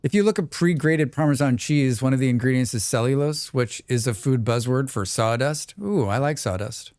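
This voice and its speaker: A man's voice: mid-range voice, normal speed, a little mellow, no echo, studio quality. A man hosting a casual game livestream, joking around and reading viewer chat aloud in rambling asides. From Canada. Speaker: livestream host.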